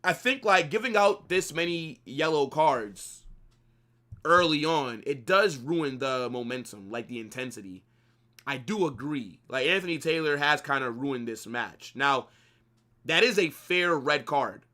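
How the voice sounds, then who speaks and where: A young man, co-hosting a live football watch-along, opinionated and animated, swearing casually and dropping slang. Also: on the high side, measured pace.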